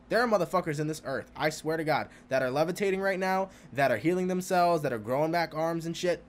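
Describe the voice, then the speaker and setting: A young man hosting a podcast, talking alone in a rambling, profane, animated way about spirituality, laughing often. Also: fairly high pitch, a little hiss or hum. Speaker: podcast host. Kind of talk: casual spiritual podcast monologue.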